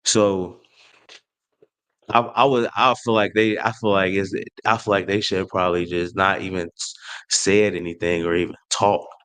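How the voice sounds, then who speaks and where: A man hosting his own sports channel, trash-talking a rival team in an animated rant full of slang and restarts. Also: low-pitched, moderate pace, clear, resonant tone. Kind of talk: fan rant to camera.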